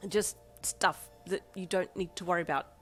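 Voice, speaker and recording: A woman voicing a brash, flippant delinquent teenage schoolgirl who often shouts. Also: lowish voice, steady tone, normal speed, soft background music, close to an everyday voice.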